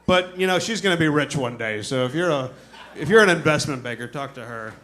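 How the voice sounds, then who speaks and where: A man performing a stand-up comedy set on a club stage, telling a story in an animated way and acting out other people's voices. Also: a little high, a little fast. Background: audience laughter.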